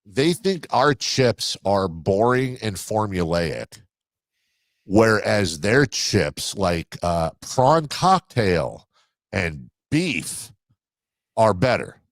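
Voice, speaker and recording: Low-voiced radio guy, really lively, bouncy delivery, dry studio sound. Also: no room sound. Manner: animated, quick to jump in, emphatic. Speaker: sports radio co-host. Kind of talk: casual studio banter.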